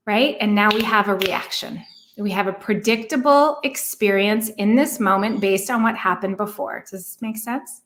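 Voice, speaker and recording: A woman giving a relationship coaching talk, earnest and reflective, who asks many rhetorical questions and slows down to stress words. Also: a little high, fairly bright tone. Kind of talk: coaching monologue.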